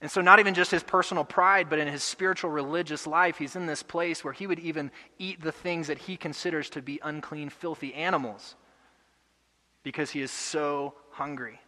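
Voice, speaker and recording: A young adult man preaching a sermon earnestly, building to loud emotional peaks. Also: a little high, fairly even intonation, moderate pace, in a large hall. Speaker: pastor. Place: church hall.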